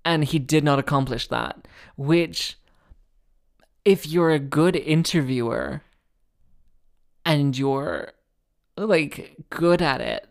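Woman podcast host, low voice, sarcastic and rambling, casual chat. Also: slow, creaky, pauses often. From Wales. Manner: sarcastic, rambling, with frequent restarts and laughs.

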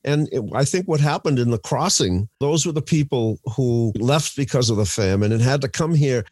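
A man's voice: mid-range voice, normal speed, darkish tone, no room sound. A man from Boston, co-hosting a radio show and talking in a reflective, conversational way. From Boston, USA. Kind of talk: casual radio chat.

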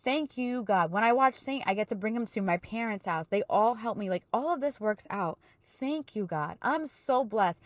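A woman's voice: mid-range voice, lively intonation, normal speed, few pauses, no echo. A woman in her thirties, hosting a podcast as a life coach, talking casually and encouragingly, fervent in her faith. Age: 30s. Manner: chatty, encouraging, faith-filled; emotional and fervent in praise. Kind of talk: casual motivational talk.

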